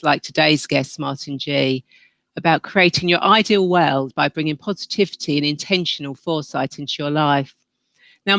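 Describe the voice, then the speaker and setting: Bright, upbeat male podcast host. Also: fairly high pitch, no room sound. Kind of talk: upbeat show introduction.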